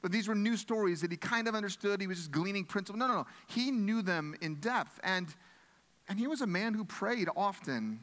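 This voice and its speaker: A man's voice: sits high, expressive, fairly quick, fairly bright tone, in a large hall. A pastor preaching a sermon in an earnest, conversational way, often restarting his phrases.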